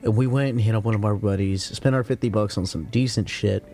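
A man's voice: fairly low pitch, steady tone, brisk, mellow, faint music behind. A young man hosting a casual podcast, telling a crude story in a rambling way, full of slang and fillers. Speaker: podcast host.

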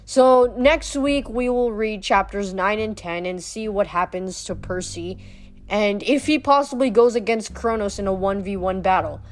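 A woman's voice: mid-range voice, normal speed. Woman reading a novel aloud, stumbling often. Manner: often stumbles and restarts words. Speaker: reader.

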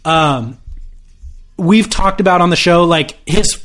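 Man, podcast co-host, higher-pitched voice, animated storyteller, casual chat. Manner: animated storyteller, quick asides.

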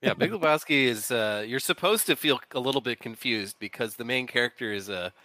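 A man playing a trivia game on a podcast, relaxed and a little hesitant when he is unsure. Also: mid-range voice, fairly quick, no room sound. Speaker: game show contestant. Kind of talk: casual podcast game banter.

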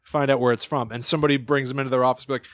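A man's voice: medium pitch, racing, no room sound. A man co-hosting a podcast, animatedly retelling a cartoon in casual chat full of "like". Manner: animated retelling with lots of likes. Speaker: podcast co-host.

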